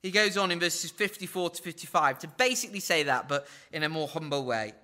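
Going briskly, a man teaches scripture verse by verse in a pushed, bright voice. He dramatizes quotations with big leaps in pitch and tosses in wry remarks.

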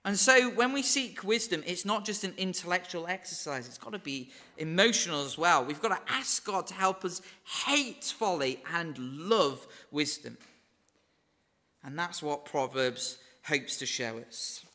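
A man's voice: a little high, expressive, a little slow, bright, forceful tone. A man with a Northern English accent preaching a sermon in an earnest, conversational way, with wry asides.

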